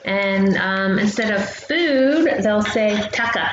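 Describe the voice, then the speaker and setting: Chatty woman teaching kids in an echoey room. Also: mid-range voice. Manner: chatty, explains simply with many pauses. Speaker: travel agent host. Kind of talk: casual lesson for young children. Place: home room. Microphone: laptop microphone. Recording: dull, echoey room with background noise.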